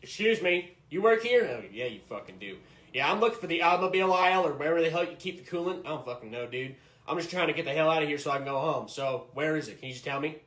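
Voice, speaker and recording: A man's voice: a little high, animated, quick pace, a bit bright. A man playing a foul-mouthed rude customer. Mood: irritated. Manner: swearing, insulting, aggressive. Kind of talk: comedy skit acting. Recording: roomy echo.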